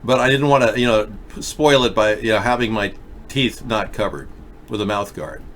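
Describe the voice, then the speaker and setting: A man's voice: lowish voice, normal speed, a bit bright, slight background noise. A man hosting a live political video chat show, talking emphatically and directly to viewers while wearing a mouth guard. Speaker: political talk show host.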